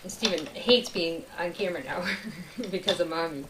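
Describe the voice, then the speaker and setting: A woman's voice: on the low side, moderate pace, distant mic, over a noisy crowd, rough recording. A woman playing toys with her young son, narrating and coaxing him in a playful tone. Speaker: parent playing with her child. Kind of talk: toy play narration.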